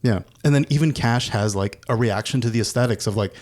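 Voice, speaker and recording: A man co-hosting a podcast, talking films in a relaxed, conversational way. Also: medium pitch, fairly quick. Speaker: podcast co-host. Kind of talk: casual film discussion.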